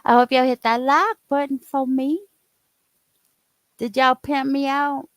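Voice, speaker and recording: Woman, casual live-stream chat, reactive, dry close sound, slightly high voice. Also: steady tone, measured pace, no room sound. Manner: chatty, reacting aloud with laughs.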